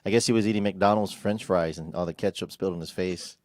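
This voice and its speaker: A man's voice: low voice, steady tone, quick pace, darkish tone, slight background noise. A man chatting as co-host on a livestream, hesitant and repeating his words. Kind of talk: casual livestream chat.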